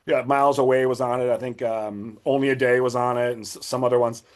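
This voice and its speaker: A middle-aged man casually telling a long story as a podcast guest, acting out the people he quotes with big jumps in pitch. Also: level tone, fast talker.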